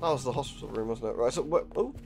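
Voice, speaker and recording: A man's voice: mid-range voice, very fast, creaky, darkish tone, soft background music. A young man chatting casually while live-streaming a horror game, joking, swearing and laughing often.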